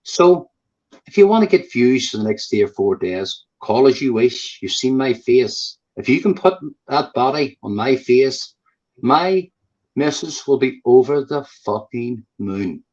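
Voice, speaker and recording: A man's voice: medium pitch, expressive, a little slow, darkish tone. A man from Northern Ireland with a Northern Irish accent, talking in blunt, profane casual chat and repeating himself for emphasis. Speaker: guest on a live chat stream. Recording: dull lo-fi call audio.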